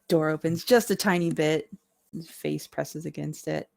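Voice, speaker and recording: A woman running a tabletop game as dungeon master, narrating in a relaxed, meandering way and laughing often. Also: low-pitched, moderate pace, gravelly.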